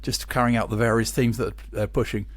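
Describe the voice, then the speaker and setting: A man's voice: medium pitch, little pitch movement, a little fast, no room sound. A man co-hosting a podcast, telling good-humoured anecdotes in casual chat. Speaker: podcast co-host.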